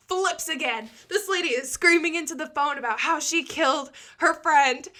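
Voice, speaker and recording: A young woman with a high, bright voice chats through a storytime tale. She says "like" constantly and laughs easily as she talks. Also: moderate pace, few pauses. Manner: chatty, peppered with "like", laughs often. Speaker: storytime vlogger. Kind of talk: casual storytime.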